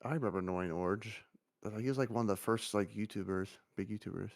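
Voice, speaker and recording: Guy w a deep flat voice, kinda hesitant, chatting on a stream. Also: fast. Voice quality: deep, monotone. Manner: soft-spoken, hesitant. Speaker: guest, company CEO. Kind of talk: casual stream chat.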